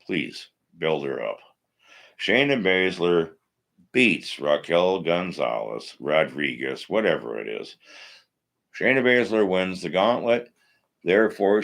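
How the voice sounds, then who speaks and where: A man's voice: a bass voice, creaky, a bit bright. A blunt, profane man from Minnesota hosting a casual live stream about wrestling, ranting his opinions. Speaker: wrestling podcast host.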